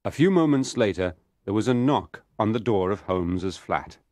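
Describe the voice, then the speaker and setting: A man narrating a story in the first person for English learners, reading slowly and clearly. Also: on the low side, expressive, darkish tone. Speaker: audiobook narrator.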